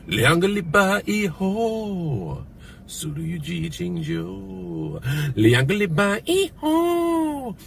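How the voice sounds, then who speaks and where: A man in a played clip, speaking slowly and enthusiastically in a promotional way. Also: high-pitched, huge pitch swings, creaky, slight background noise.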